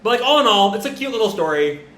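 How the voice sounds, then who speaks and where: A man's voice: sits high, sing-song, fast, a bit bright. A man giving a casual live reaction as he reads through a comic, rambling and full of fillers. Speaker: comic reviewer. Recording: roomy echo.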